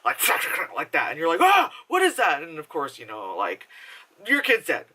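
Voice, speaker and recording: A woman's voice: deep voice, moderate pace, slightly rough. A young woman casually reviewing a film, rambling and swearing freely with lots of filler words, often laughing as she retells scenes. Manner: laughs while talking, animated retelling. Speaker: movie reviewer.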